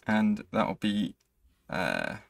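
Excitable young man commentating gameplay. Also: lowish voice, very slow, creaky, no echo. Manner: excitable, swings between hype and frustration. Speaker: gaming channel host.

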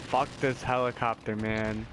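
A man's voice: mid-range voice, little pitch movement, measured pace, noisy background. A young man giving casual gameplay commentary as a gaming YouTuber, swearing and whooping at his kills.

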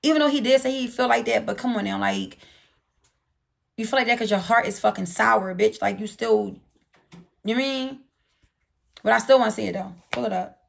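Loud, profane woman with a gravelly edge. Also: on the high side. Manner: profane, loud and rapid-fire. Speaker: live-stream host. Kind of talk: heated casual live-stream chat.

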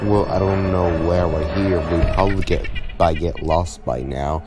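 A man voicing a policeman in an amateur cartoon, halting and full of pauses and fillers. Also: low voice, fairly even intonation, lightly acted. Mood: hesitant. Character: police man looking after guests. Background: music.

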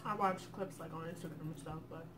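A woman's voice: low voice, steady tone, fast, background noise. A woman with a Southern US accent joining a casual meal chat, teasing and giving short, dry answers. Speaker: co-host at the meal. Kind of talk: casual chat while eating.

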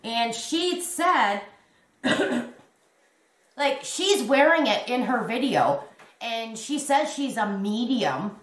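A rambling, chatty woman in her fifties shows off her crochet from home and talks slowly with many restarts. Her voice sits a little high, and the room around her is echoey. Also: lively intonation, fairly bright tone. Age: 50s. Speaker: crochet vlogger. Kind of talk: casual show-and-tell chat.

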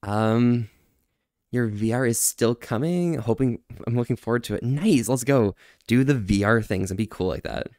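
A man streaming casually, reading viewer chat aloud, laughing often and switching into halting French. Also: medium pitch, a little mellow, no echo, studio quality. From Canada.

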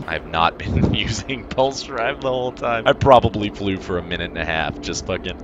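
A man's voice: deep voice, sing-song, a little slow, gravelly, hardly any pauses, highs cut off, background noise. A man from the United States giving rambling, crude, self-mocking let's play commentary, laughing often. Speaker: gaming YouTuber.

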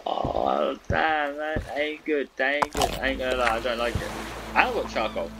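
A man talking to himself through a survival game, excitable and prone to swearing, with game music behind him. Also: medium pitch, normal speed, background noise. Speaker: gaming YouTuber. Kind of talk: let's-play commentary.

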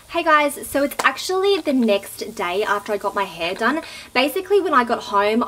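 A young Australian woman in her twenties vlogging casually about her day, chatty and excitable with lots of filler words. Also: on the high side, a little hiss or hum. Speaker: beauty vlogger. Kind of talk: casual vlog chat. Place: in a car, then indoors at home.

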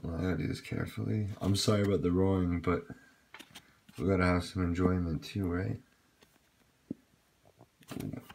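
A man hosting a card pack-opening video, chatting casually and getting excited over his pulls, with quick apologetic asides. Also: low-pitched, vocal fry, slight background noise. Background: crinkling packs and shuffling cards.

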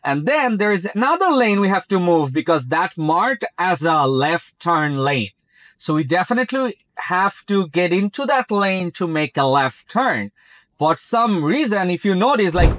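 Sounding animated, a man with a high, somewhat bright voice talks at a moderate pace, with no echo. He's in a moving car, speaking English as a second language, chatting about the car's self-driving and often repeating "very" and "like."

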